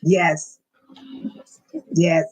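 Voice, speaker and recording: An older woman hosting a casual livestream from home, talking straight to her viewers in chat, emotional and quick to bless and pray. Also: deep voice, flat delivery, husky, poor audio. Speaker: livestream host.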